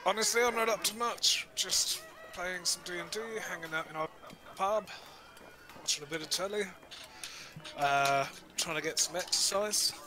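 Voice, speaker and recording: A man's voice: high voice, normal speed, over music. A man chatting casually and joking about himself, laughing often. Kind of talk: casual chat. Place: home, indoors.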